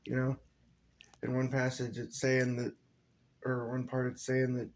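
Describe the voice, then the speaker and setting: A man who has just woken up talks in a rambling, halting monologue, trailing off and sighing. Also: mid-range voice, completely flat delivery, darkish tone. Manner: halting, rambling, full of fillers and sighs. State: drowsy, just woke up.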